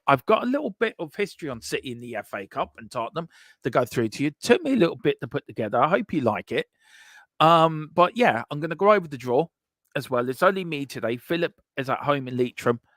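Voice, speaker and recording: On a football transfer news live stream, a loud, boisterous host chats loosely, bragging about being right and reading viewer messages aloud. His mid-pitched voice is fairly bright and recorded dry and close, with no echo or room around it.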